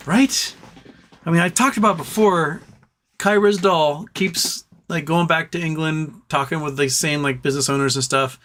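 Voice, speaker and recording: A man's voice: a little high, moderate pace, a bit bright. Laid-back rambling male streamer. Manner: rambling, laid-back, reads chat comments aloud. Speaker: livestream host. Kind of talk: casual livestream chat.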